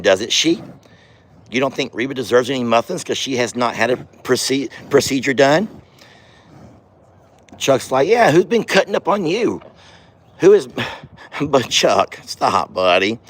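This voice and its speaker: A man hosting a casual farm vlog outdoors, chatty and folksy, talking affectionately to his animals. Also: lowish voice. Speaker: ranch owner and vlogger.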